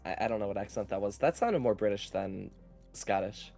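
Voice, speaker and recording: A man's voice: on the low side, expressive, fairly quick, vocal fry, music in the background. A man in casual chat, reading out chat jokes and giggling through them. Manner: giggly, laughs through his own readings.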